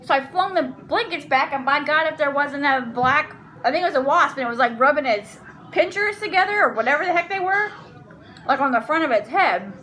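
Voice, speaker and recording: A woman's voice: high-pitched, lively intonation, fairly quick, pushed and bright, poor audio. A young woman hosting an eating vlog at home, chatting casually between bites and rambling through a long story. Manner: rambling storyteller, talks with food in mouth. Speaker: vlog host and mother. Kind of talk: casual chat while eating. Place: family home at the table.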